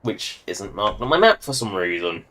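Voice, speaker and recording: A man's voice: fairly low pitch, big pitch swings, moderate pace, pushed and bright. A man giving casual, self-mocking commentary while livestreaming a video game, rambling through joking asides. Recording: voice over game audio and music.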